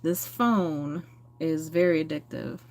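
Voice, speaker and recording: A woman's voice: deep voice, slow pace, darkish tone. A woman chatting candidly and rambling on a phone livestream, answering viewer comments. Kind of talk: casual live-stream chat.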